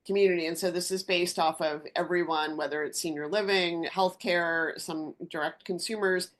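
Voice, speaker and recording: A middle-aged woman with a fairly low voice speaks as a company founder in a relaxed interview. She tells stories in an animated way and acts out the back-and-forth of conversations. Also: normal speed. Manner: animated anecdotes with acted-out dialogue.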